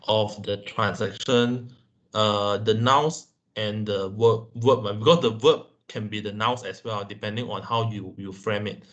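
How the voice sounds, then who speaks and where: A man's voice: fairly low pitch, a bit bright, highs cut off. A man with a Malaysian English accent, a course participant speaking on a video call, stumbling and repeating words as he explains. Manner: hesitant, repeats words while searching for phrasing.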